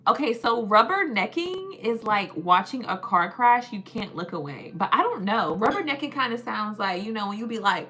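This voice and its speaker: A woman's voice: medium pitch, lively intonation, normal speed, few pauses, pushed and bright, faint music behind. A woman hosting a casual live stream, playful and joking, drawing out words as she sounds them out. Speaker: livestream host.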